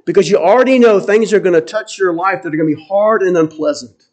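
A man's voice: high voice, fast talker, darkish tone. A man preaching a sermon to his congregation, earnest and emphatic, often repeating key phrases for weight. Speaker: pastor.

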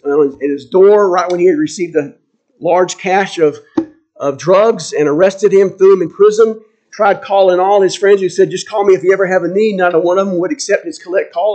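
Man, pastor, high voice, sermon, earnest, emphatic, repeats phrases. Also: darkish tone, dull audio.

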